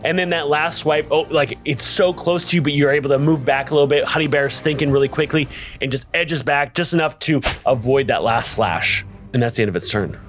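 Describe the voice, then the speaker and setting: A man's voice: on the high side, brisk, faint music behind. Man running a tabletop game. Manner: steady, with frequent ums and uhs. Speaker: game master.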